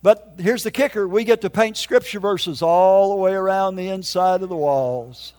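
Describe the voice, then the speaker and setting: Older guy preaching his testimony, folksy and emphatic, kinda high-pitched. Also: moderate pace, darkish tone. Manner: emphatic folksy storytelling, says "man" often. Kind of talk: sermon testimony.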